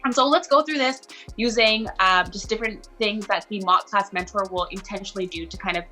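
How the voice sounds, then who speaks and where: A woman's voice: mid-range voice, fairly quick, bright, forceful tone, faint music behind. A woman mentor explaining an online teaching mock class in an upbeat, encouraging way. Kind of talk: instructional video chat.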